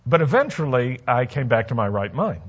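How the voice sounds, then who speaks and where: A man's voice: mid-range voice, very animated, a little fast, husky, highs cut off. A man preaching a sermon in a conversational way, asking the congregation questions and telling stories from his own life. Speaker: pastor.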